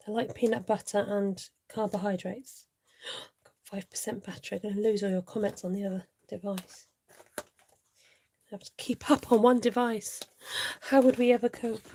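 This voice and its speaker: A mellow-voiced woman hosts a relaxed live crafting demo. She chats to viewers and thinks aloud as she works, in an easy, rambling way. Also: mid-range voice, a little hiss or hum. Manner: chatty, thinks aloud, greets viewers, often laughs. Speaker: crafting tutorial host.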